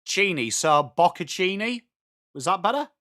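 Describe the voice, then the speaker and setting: A man's voice: on the high side, moderate pace. A young northern English man hosting a live fan watchalong, calling the play and chatting with viewers by name. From England. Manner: excitable, banters with viewers by name. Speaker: host of a fan watchalong stream. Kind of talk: live sports commentary mixed with reading chat.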